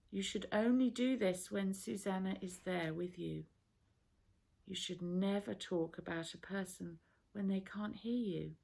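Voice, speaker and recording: Gentle patient teacher guy explaining things softly, read by a woman, slow and a bit gravelly. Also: mid-range voice. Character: calm, patient male teacher.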